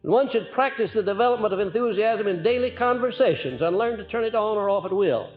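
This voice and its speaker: A man giving an earnest, folksy lecture to a live audience, letting his voice rise and drop on purpose and often pausing on "uh". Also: high-pitched, lively intonation. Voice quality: frequent "uh" hesitations. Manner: folksy, earnest, swings between loud and soft on purpose. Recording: muffled archival recording, faint music.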